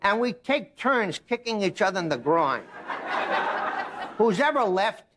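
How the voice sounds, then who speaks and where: A man voicing a big gruff farmer who speaks bluntly and stubbornly. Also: high voice, very animated, a little slow, fairly bright tone, exaggerated voice. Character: big gruff older male farmer defending his property.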